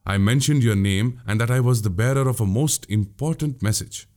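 A man's voice: mid-range voice, moderate pace, a little mellow, close to an everyday voice. A man voicing a witty, boastful young male warrior in an audiobook, speaking grandly. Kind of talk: audiobook character voice.

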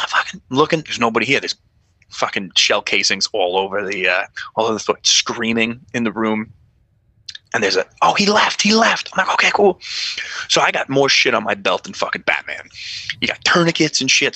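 With a husky, mid-range voice on a dry track, an ex-cop from New York trades stories in an easygoing podcast conversation. He swears without holding back and brings his tales to life by performing each character's lines.

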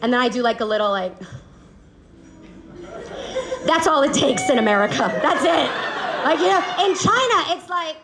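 Live storyteller: a woman with a high, bouncing voice, laughing, swearing freely, audience faintly heard. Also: a little fast, over music, a crowd in the background. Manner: animated, laughing, casual with swearing. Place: stage in front of an audience. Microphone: handheld microphone.

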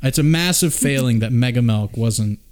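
A man co-hosting a casual podcast chat, jokey and animated and quick to laugh. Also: medium pitch. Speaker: podcast co-host.

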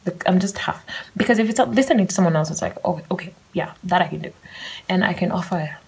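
This young woman's solo podcast is candid and rambling, with easygoing profanity as she talks through her thoughts. Her lowish voice moves quickly and is gravelly and darkish with a breathy edge, and the audio is poor.

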